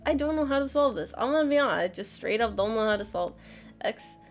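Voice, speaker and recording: A woman's voice: fairly high pitch, animated, fast, soft background music. A young woman streaming a math lesson, flustered and self-mocking, muttering and swearing as she works through problems. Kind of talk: casual live-stream chat while solving problems.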